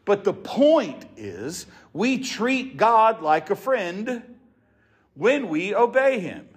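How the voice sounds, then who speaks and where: A man's voice: sits high, big pitch swings, takes it slowly. A man preaching a sermon to his congregation in an earnest, emphatic way. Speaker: pastor.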